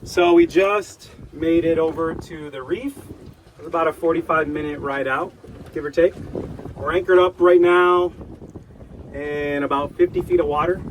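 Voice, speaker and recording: A man's voice: a little high, fairly even intonation, moderate pace. A man hosting a fishing vlog, chatting casually and upbeat to viewers from a marina and a boat. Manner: upbeat, rambling, talks to viewers. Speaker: fishing channel host. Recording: outdoor wind and boat noise.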